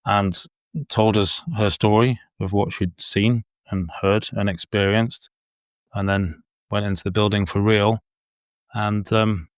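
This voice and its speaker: A man's voice: on the low side, dry recording, clean studio sound. A man, a filmmaker and paranormal investigator, chatting as an interview guest, rambling with many ums and repeated words. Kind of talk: casual interview chat.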